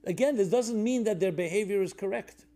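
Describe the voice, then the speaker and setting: Mellow-voiced man teaching with gentle parables. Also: brisk. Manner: reflective, tells parables, drops to a soft low voice for stories; conversational with fillers and restarts. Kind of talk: sermon-style talk.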